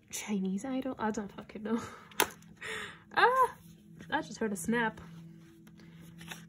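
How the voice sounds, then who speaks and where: A young adult woman vlogger chatting casually and excitedly through an unboxing, nervous and swearing freely. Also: fairly high pitch, a little hiss or hum.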